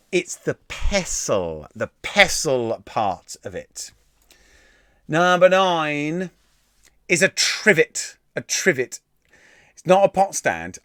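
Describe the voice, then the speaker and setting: A young man with a fairly high voice, rattling through quiz answers on a live stream from home. He talks in a chatty, irreverent way, swearing casually and restarting his sentences with plenty of "uh"s. The sound from his desk microphone is close and dry. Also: a bit bright, no room sound. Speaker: quiz host. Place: at home, room near a kitchen.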